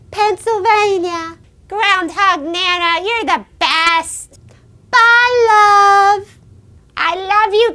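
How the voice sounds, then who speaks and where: A man voicing a sweet elderly grandmother with a slow, sing-song Southern-belle drawl. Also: very high voice, pushed and bright, pitched above the performer's own voice, heavily acted.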